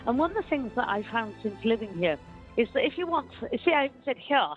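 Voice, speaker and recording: A woman from Wales, giving animated, opinionated commentary and laughing often, heard down a phone line. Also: a little high, a little fast, faint music behind. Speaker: guest commentator. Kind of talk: chatty phone interview.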